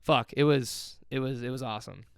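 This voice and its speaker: A young man, a former football player, telling stories in a casual interview, excited and swearing freely. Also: medium pitch, fairly quick, vocal fry, smooth. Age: young adult. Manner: excited, profane storytelling.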